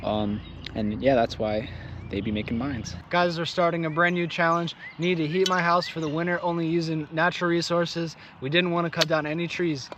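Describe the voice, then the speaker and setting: A man's voice: a little high, fairly even intonation, normal speed, background noise. A man casually vlogging outdoors, chatty and joking as he explains planting trees. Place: outdoors in fields.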